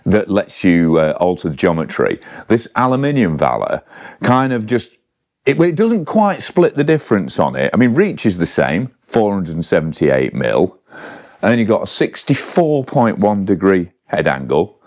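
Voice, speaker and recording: A man's voice: low-pitched, sing-song, normal speed, darkish tone. A man casually talking through a bike's specs to camera, chatty and rambling, with self-corrections and asides. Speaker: bike reviewer. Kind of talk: casual spec walkthrough to camera.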